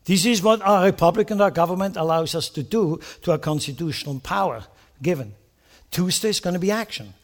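Male pastor with a high voice, preaches an animated sermon, keeps asking the congregation questions. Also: fairly quick. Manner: animated preaching with rhetorical questions and acted-out prayers.

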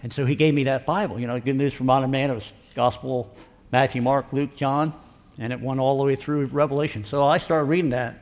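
A man's voice: mid-range voice, fairly even intonation, fairly quick. A man in his sixties telling a personal story in a casual, rambling, folksy way, acting out the dialogue. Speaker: storyteller giving a personal testimony. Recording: long hall reverb.

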